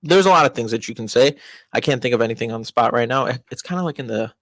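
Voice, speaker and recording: A young man talks through everyday advice in a loose, rambling way, restarting his sentences and leaning on fillers. His voice sits at a middle pitch and jumps up sharply when he stresses a point. The sound is dry and close, with no room echo. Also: lively intonation, fast talker, a bit bright. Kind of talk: casual advice monologue.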